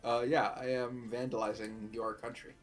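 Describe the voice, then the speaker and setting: A man's voice: mid-range voice, flat delivery, moderate pace, faint music behind. A man, a tabletop player, joking around playfully in casual chat.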